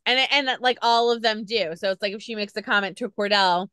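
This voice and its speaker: A woman's voice: medium pitch, steady tone, a little fast, hardly any pauses, sharp tone, clear, resonant tone, dry recording. Woman interviewer, chatty, upbeat, lots of fillers, dry close sound. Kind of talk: casual interview chat.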